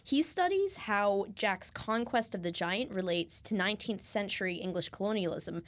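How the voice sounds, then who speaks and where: A woman hosting a podcast, reading scripted narration with a crisp, playful tone. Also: mid-range voice, expressive, moderate pace. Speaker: podcast host.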